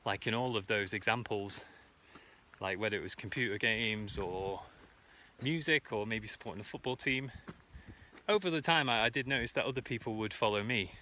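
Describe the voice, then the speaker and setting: Man, out of breath, walking uphill outdoors, earnest rambling vlog talk, forceful tone, faint noise behind. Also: on the low side, moderate pace. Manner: earnest, rambling, many fillers. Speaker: vlogger. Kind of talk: reflective self-help monologue. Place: outdoors on a hike.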